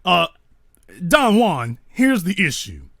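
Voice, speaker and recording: A man's voice: sits high, wildly swooping pitch, slow, gravelly, a bit bright, no echo, clean studio sound. A man hosting a call-in talk show, lecturing a caller in an emphatic, pointed way. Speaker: host.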